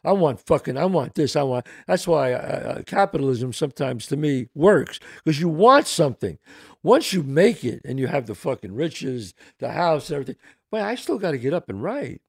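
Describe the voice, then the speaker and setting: A man's voice: a little high, sing-song, moderate pace, vocal fry, darkish tone, breathy edge, dry recording, studio quality. A man hosting a casual chat, emphatic and swearing, repeating his points for weight. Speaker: host.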